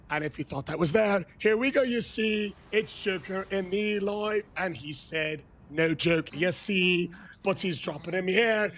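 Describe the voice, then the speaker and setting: A man livestreaming, chatting with viewers and loudly shouting cheers and countdowns. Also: sits high, a little slow, a little hiss or hum. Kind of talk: hyped livestream chat with viewers.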